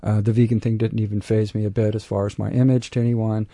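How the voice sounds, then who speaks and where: Male host, mellow voice, dry studio, casual and supportive. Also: fairly low pitch, little pitch movement, quick pace, no echo. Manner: casual, supportive, hesitant with fillers. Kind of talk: interview conversation.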